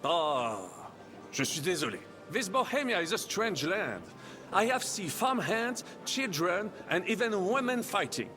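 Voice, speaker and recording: A man's voice: sits high, big pitch swings, measured pace, over music. A man with a French accent voicing a boastful baron in a video game, grand and theatrical. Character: boastful French baron, smooth talker, middle-aged man. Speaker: game character.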